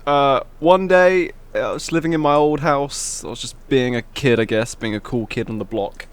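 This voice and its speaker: A man's voice: medium pitch, normal speed, smooth. A man co-hosting a casual podcast with friends, telling a story in a joking, playfully defiant way. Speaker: podcast co-host. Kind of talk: casual chat among friends.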